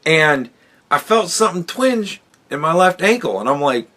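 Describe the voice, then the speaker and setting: A man's voice: fairly high pitch, sing-song, normal speed, pushed and bright. A man hosting a podcast, telling a rambling, profane story in a casual monologue. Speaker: podcast host.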